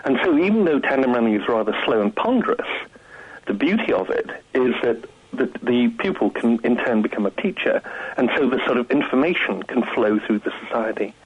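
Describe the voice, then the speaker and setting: A man, a guest scientist, explaining his research in a measured way on a radio phone-in. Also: mid-range voice, big pitch swings, breathy edge. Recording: muffled phone line.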